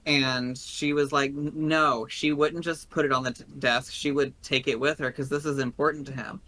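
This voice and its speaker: A man's voice: medium pitch, fairly even intonation, normal speed, pushed and bright, a little hiss or hum, rough recording. A man from Tennessee with a Tennessee accent, a guest player chatting earnestly and rambling a little on a podcast. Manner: earnest, rambling, openly emotional. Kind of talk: casual podcast chat.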